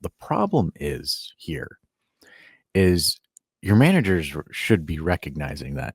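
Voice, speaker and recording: Low husky guy hosting a sports pod, sarcastic, rambly, lotta "like". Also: measured pace, no room sound, clean studio sound. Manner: animated, sarcastic, rambling with many likes. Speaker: podcast host. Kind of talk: casual sports podcast chat.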